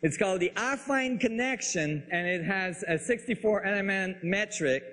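A man explaining science ideas in a lecture style, halting and searching for words, with frequent restarts. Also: high-pitched, fairly bright tone. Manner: enthusiastic about the ideas. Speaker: speaker on physics and biology.

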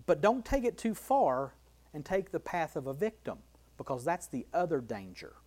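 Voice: mid-range voice, sing-song, normal speed, a little mellow. Emphatic Bible teacher, repeating phrases. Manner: emphatic, repeats key phrases, asks rhetorical questions.

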